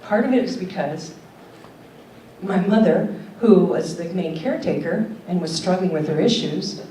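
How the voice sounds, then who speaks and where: At a moderate pace, an older keynote speaker talks earnestly in a mellow, fairly low voice, weaving in stories and questions. The conference hall recording is roomy and distant, with slight background noise.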